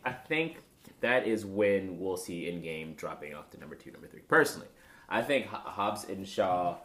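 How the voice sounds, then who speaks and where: Low male co-host, very lively pitch, casual banter, echoey room. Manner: animated, jokey, trailing off. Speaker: podcast co-host. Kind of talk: casual chat. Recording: roomy echo.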